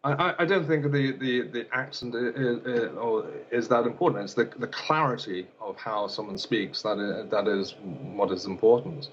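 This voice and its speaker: Hesitant low-voiced man, muffled sound. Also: normal speed, hardly any pauses. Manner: hesitant, many fillers and repeated words. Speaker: elocution teacher. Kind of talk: broadcast interview answers.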